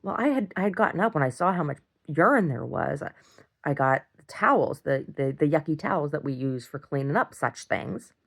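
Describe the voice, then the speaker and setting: A woman recording a casual video diary, rambling through an animated story and acting out what others said. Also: deep voice, a little fast, vocal fry. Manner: rambling, animated retelling with acted-out quotes. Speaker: video diarist.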